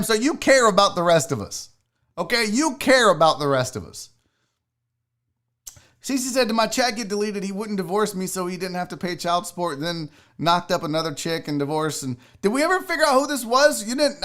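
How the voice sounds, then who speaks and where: A man hosts a live sports stream, reading chat and ranting with plenty of profanity. His voice sits high for a man and swings widely in pitch. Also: fairly bright tone. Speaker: host of a live sports show.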